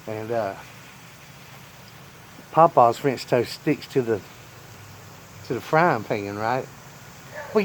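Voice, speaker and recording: A man's voice: mid-range voice, slight background noise, poor audio. A man in a casual storytime vlog, rambling through family memories and chuckling often. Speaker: vlogger telling family stories.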